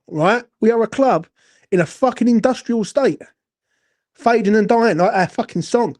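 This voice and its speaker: A man's voice: very high-pitched, normal speed, a little mellow. A man ranting angrily and emotionally about his football club as a fan channel host, swearing and repeating himself. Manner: angry, emotional, sweary, repetitive. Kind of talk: impassioned fan rant.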